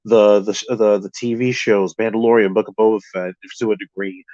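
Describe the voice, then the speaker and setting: A man co-hosting a casual review chat, rambling and excitable, often restarting his sentences and swearing. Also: on the low side, brisk, lo-fi sound. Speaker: podcast co-host.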